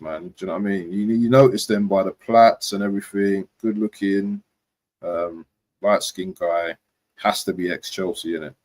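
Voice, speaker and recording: A man's voice: deep voice, darkish tone, poor audio. A young man chatting casually about football transfers on a live stream, rambling and slangy. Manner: rambling slangy, frequent "do you know what". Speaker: football vlogger.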